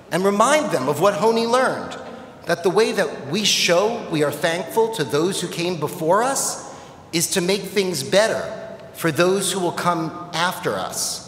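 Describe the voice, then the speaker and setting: A man's voice: sits high, a little hiss or hum. A man telling a children's story at a temple service, playful and speaking to the audience. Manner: lively, playful, addresses the audience. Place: temple sanctuary. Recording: echoey hall with long reverb.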